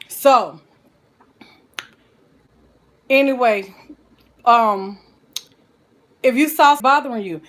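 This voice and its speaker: A woman chatting folksily while cooking on a live stream, calling her viewers child and honey. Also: high voice. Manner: folksy and chatty, full of endearments.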